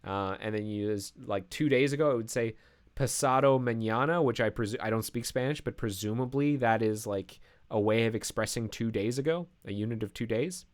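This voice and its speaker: Guy live-coding on stream, mid-pitched voice, chatty and rambling, thinks out loud. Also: fairly quick. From Canada. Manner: rambling, filler-heavy, thinks aloud.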